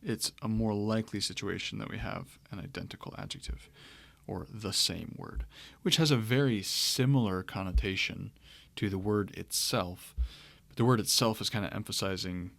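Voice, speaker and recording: A man teaching a lesson on grammar, talking it through in a relaxed way, with pauses and restarts. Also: on the low side, gravelly. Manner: relaxed, thinking aloud with fillers and restarts. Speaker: Greek teacher. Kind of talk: lecture.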